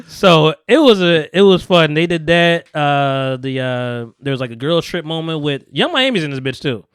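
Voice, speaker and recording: Guy on a podcast with a high, smooth voice, riffing through a movie recap and doing everyone's lines, dry close mic. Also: slow pace, long pauses, no echo. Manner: animated, profane movie recap, acting out characters' lines. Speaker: podcast host. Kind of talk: casual chat.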